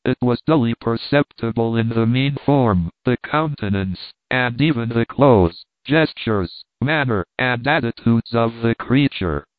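Man narrating a story, measured delivery, smooth resonant voice, dry tinny recording. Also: medium pitch, lively intonation, no room sound. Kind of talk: audiobook reading.

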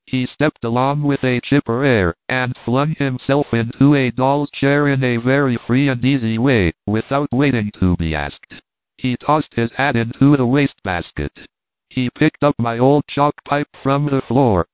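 Man narrating a story, measured delivery, smooth resonant voice, dry tinny recording. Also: medium pitch, no echo. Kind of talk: audiobook reading.

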